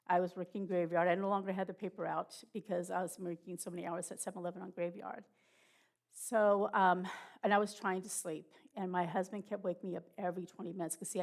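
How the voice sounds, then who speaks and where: A middle-aged woman giving a personal testimony at church, halting and emotional, with many pauses and restarts. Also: lowish voice, creaky.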